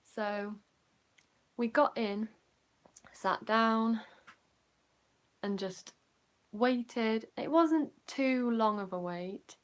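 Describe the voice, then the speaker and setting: A young woman with a Yorkshire accent, telling a casual storytime, rambling with lots of "like" fillers and sinking quieter when she recalls feeling nervous. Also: a little high, extremely slow, pauses often. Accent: Yorkshire English. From Yorkshire, England. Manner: chatty, rambling, many "like" fillers, drops quieter when recounting nerves. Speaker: vlogger.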